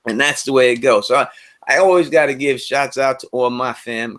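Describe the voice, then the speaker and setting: A man hosting a casual live stream, talking loosely in slang and repeating himself, his voice swinging between loud and quiet. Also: mid-range voice, brisk. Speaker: livestream host.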